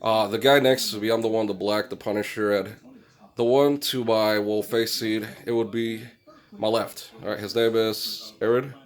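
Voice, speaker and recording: A man's voice: fairly low pitch, steady tone, normal speed. Rambling man talking at home. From Phoenix, Arizona. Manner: rambling and digressive, swears freely. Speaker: vlogger touring his house. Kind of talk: rambling casual monologue to camera. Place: indoors at home. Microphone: own camera set up in the room.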